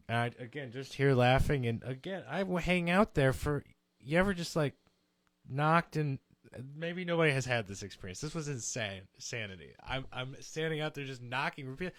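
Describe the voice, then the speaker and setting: A young man casually telling a long story on a podcast, animated and swearing, acting out quotes in other voices. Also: mid-range voice, moderate pace, no echo.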